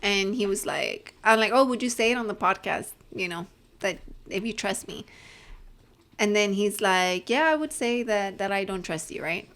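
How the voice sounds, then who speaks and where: Brief: woman, podcast co-host, chatty storyteller, mid-pitched casual delivery. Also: animated, moderate pace, fairly bright tone. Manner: talkative, storytelling with lots of "like" and "right?". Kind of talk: casual chat.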